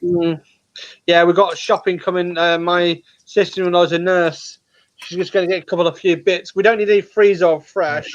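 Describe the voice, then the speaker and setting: Chatty man, high voice. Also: level tone, moderate pace, dull audio. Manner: chatty storyteller who acts out quotes. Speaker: host. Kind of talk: casual chat.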